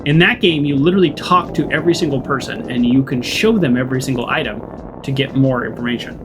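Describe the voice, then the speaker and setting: A man's voice: medium pitch, fast talker, noisy background. A man giving casual, chatty commentary while playing a game, laughing often. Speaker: gaming channel host. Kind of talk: casual let's-play commentary.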